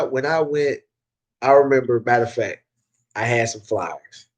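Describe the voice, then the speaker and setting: A man with a Southern accent who runs a car detailing business, giving casual advice and stressing points by repeating them, with frequent restarts. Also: medium pitch. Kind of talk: casual advice talk to camera.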